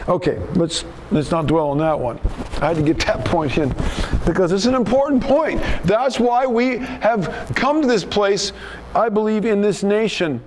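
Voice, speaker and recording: A man's voice: sits high, normal speed, a little hiss or hum. A male pastor preaching a sermon in an emphatic, rebuking manner, often repeating himself.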